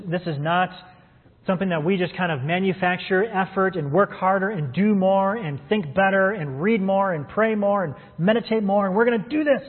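A man's voice: high voice, breathy edge. A man preaching a sermon as a pastor, earnest and calling his listeners friends. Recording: phone-like sound in a reverberant hall.

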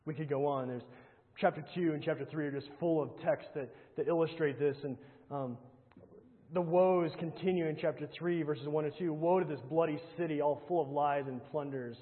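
A man preaching with earnest emphasis, his fairly high voice rising on rhetorical questions and sinking to a hushed, slow tone as he reads scripture. He sounds tinny and narrow, as if heard over a phone line, with a long reverb trailing through a large hall. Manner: reads scripture aloud, often dropping to a low, slow hush. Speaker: pastor. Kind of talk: sermon.

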